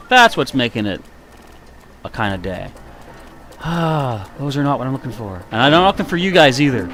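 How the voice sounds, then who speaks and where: A man is livestreaming a video game and chatting casually with viewers, poking fun at himself. His medium-pitched voice is fairly bright and slightly nasal, and he's in a warm indoor room.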